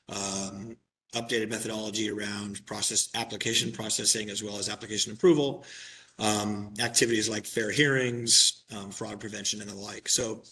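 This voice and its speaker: A man giving an executive director's report at a public commission meeting, measured and careful, with frequent ums and throat-clearing. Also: lowish voice, bright, forceful tone, recorded from a distance, rough recording.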